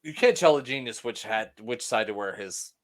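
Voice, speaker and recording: A man's voice: medium pitch, lively intonation, moderate pace. A man co-hosting a casual wrestling podcast, joking, swearing freely and laughing often. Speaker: podcast co-host. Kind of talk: casual chat watching wrestling.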